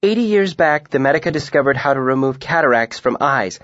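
A man voicing a poised, confident young female student telling a story in measured sentences. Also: mid-range voice, lively intonation, fairly bright tone, dry recording, muffled recording, lightly acted.

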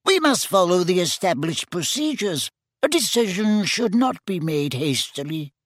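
Man as a little squeaky old wizard, prim, high. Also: very animated, a little slow, a bit bright, no echo, clean studio sound, exaggerated voice. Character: tiny squeaky-voiced old male wizard teacher.

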